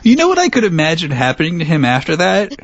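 A man's voice: a little high, wildly swooping pitch, quick pace, background noise. A man hosting a podcast in casual chat, playful and laughing often as he leads the topic. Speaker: podcast host. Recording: dry, slightly dull lo-fi sound.

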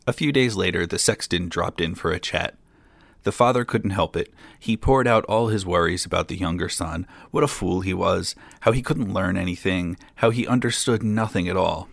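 A man narrating a fairy tale in a measured way, with dry amused asides. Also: low voice, creaky, dry recording. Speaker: storyteller.

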